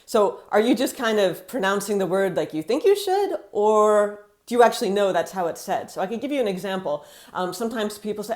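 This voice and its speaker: An American woman living in France, talking casually to camera and acting out quotes in a chatty, animated way. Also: medium pitch, fairly quick, few pauses. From United States.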